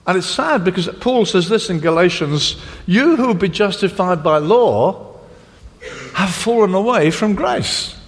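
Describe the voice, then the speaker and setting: A male preacher speaking with a lively, swooping delivery and a slightly raised pitch. He narrates his sermon like a storyteller and slips into the voices of the people he quotes. His voice rings out with a long reverb, as if he were in a large hall.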